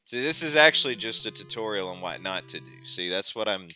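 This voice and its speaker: A man hosting a relaxed gameplay stream, with frequent exclamations and laughter. His voice is very bright and lively, leaping up and down in pitch. Faint music plays underneath. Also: fairly quick. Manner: animated, exclamatory, laughs often. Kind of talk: casual gameplay chat.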